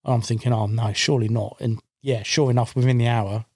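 A man, a podcast guest and angler, telling a long fishing story in a casual, animated way and voicing his own past remarks, recorded on a studio microphone. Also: medium pitch, fast, breathy edge, no echo.

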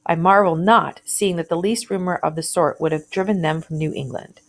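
A woman's voice: on the low side, moderate pace, poor audio. A woman reading as an uneasy young Puritan man. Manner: archaic, reluctant reading.

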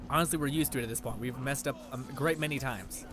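A young man giving casual, excitable gameplay commentary, swearing a lot and yelling at enemies as he plays. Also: medium pitch, quick pace, noisy background. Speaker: let's play gamer.

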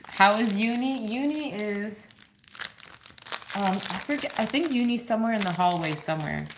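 Unhurried woman, live-stream host, playful baby-talk with her dog, noisy recording. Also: medium pitch.

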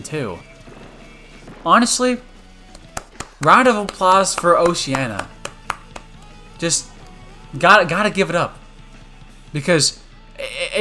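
A young man commentating his own online gameplay on a stream, joking and switching between loud outbursts and quiet mumbles. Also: fairly high pitch. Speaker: gaming streamer.

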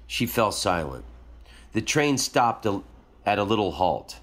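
A man hosting a show, reading a short story aloud in a calm storytelling manner. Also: on the low side, measured pace. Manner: calm storytelling, jokey afterwards. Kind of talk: reading a story aloud, then casual asides.

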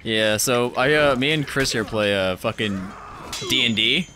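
A man hosting a gameplay video, chatting casually in an excitable, profane, rambling way. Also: mid-range voice, a little slow, slight background noise. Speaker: gaming channel host.

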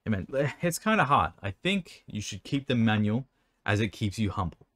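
Low-voiced man stumbling through advice. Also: big pitch swings, moderate pace, noisy background. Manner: rambling, stumbling, restarts words. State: dry mouth and hiccups. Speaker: card seller answering viewer questions. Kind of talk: casual advice chat. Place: indoor room by an air conditioner.

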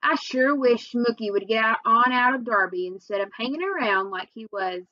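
Lady reading a kids' book aloud, expressive, kinda high, dull dry sound. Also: moderate pace, no echo. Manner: expressive first-person storytelling. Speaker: reader. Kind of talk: reading a children's novel aloud.

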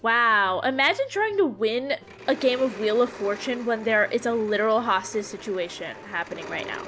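Shrill, excitable young woman gaming. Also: moderate pace, a little hiss or hum. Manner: loud, excitable, swearing, exasperated. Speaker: gamer. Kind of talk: let's-play commentary.

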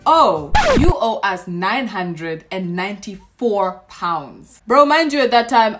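A young woman vlogger telling a storytime tale in a sassy, animated way, with lots of asides. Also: on the high side.

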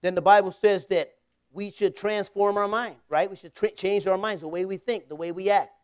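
High-voiced joking pastor. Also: male voice, steady tone, moderate pace, smooth, no room sound. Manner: conversational and humorous, often laughing; swings between loud bursts and quiet asides. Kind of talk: storytelling sermon.

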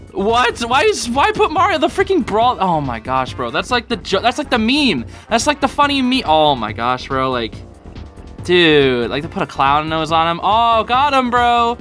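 A man's voice: sits high, sharp tone. A young man hosting a casual reaction video, laughing often and talking in loose slang full of fillers. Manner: giggly, filler-heavy slang talk.

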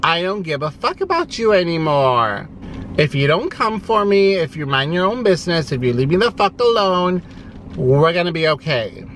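A man's voice: fairly high pitch, very animated, normal speed, a bit bright, slight background noise. A man vlogging from inside his parked car, ranting in a profane, sassy, exasperated way. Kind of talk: ranting vlog.

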